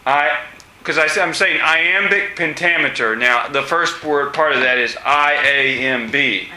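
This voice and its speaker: A man teaching a class, asking students questions with many pauses and fillers. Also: a little high, pushed and bright. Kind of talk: classroom discussion lesson. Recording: echoey room.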